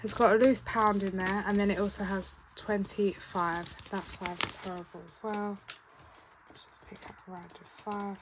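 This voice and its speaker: A British woman chats her way through a casual home vlog, counting notes aloud and cheerfully correcting her sums. Her voice sits in a middle pitch. Clicks and background noise are clearly heard under the recording. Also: little pitch movement, normal speed. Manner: chatty, counts money aloud, corrects herself. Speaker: budgeting vlogger. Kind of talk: casual chatty vlog narration.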